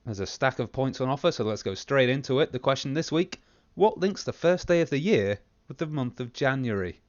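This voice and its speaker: A man hosting a comedy panel podcast, reading scripted links in a wry, deadpan way. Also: mid-range voice, fairly quick, no echo, highs cut off. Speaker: host.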